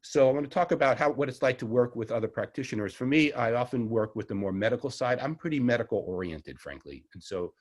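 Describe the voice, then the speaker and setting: A man's voice: medium pitch, expressive, fast, few pauses, a little mellow. A middle-aged man with a Long Island New York accent, teaching an online herbalism class in a chatty, rambling way that often corrects itself. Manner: rambling, chatty, self-correcting with small laughs. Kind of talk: casual online class lecture.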